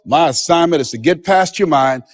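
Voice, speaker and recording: A man's voice: a little high, normal speed, big-room sound, dull audio. A man giving a motivational seminar speech, with emphatic, preacher-like delivery that acts out the voices of others. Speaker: motivational speaker.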